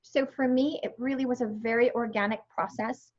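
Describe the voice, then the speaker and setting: A woman in her fifties telling her story as a guest in a casual interview, animated and acting out her own past remarks. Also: a little high, moderate pace. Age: 50s. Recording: dull lo-fi sound.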